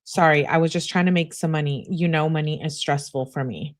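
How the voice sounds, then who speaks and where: In a true crime commentary, a young woman with a low voice briskly reads out text message exchanges, slipping in short asides of her own between the quoted messages.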